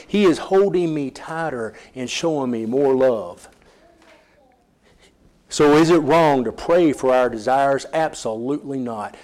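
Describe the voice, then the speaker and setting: Earnest male preacher, slightly high voice. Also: darkish tone. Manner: earnest, rising to emphatic peaks. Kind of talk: sermon.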